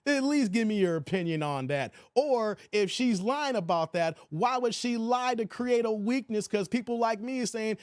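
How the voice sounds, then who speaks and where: Casting: high-pitched male stream host, animated, argues with chat, dry close sound. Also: normal speed, hardly any pauses, no echo. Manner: animated, talks back to chat, laughs often. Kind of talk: casual live stream commentary.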